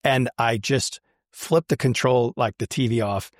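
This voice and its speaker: A man's voice: mid-range voice, unhurried, no room sound, clean studio sound. A man telling stories about his life in a casual, chatty way, with many fillers and restarts. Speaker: guest. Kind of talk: casual storytelling.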